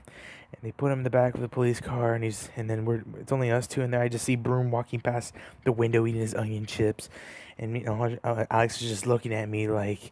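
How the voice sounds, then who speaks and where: A man's voice: mid-range voice, little pitch movement, brisk, a little mellow. A young man casually telling a story over gameplay, rambling with lots of fillers and restarts. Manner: rambling, many fillers and restarts, laughs at himself.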